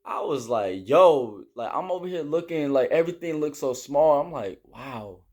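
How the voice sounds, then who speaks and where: A man's voice: on the high side, expressive, fairly quick, darkish tone. Young man rambling through a story. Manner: rambling, heavy on fillers like "like"; explains with hand gestures. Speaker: army trainee. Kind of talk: casual storytelling.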